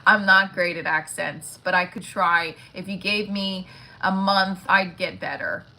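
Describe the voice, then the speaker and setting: A woman's voice: on the low side, steady tone, a little slow, sharp tone, low-quality recording. A woman comedian chatting frankly on a phone livestream from home, rambling and swearing casually. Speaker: stand-up comedian.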